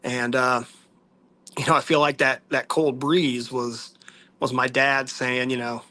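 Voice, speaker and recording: Bright-voiced man telling a personal story. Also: medium pitch, level tone, measured pace. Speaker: vlogger.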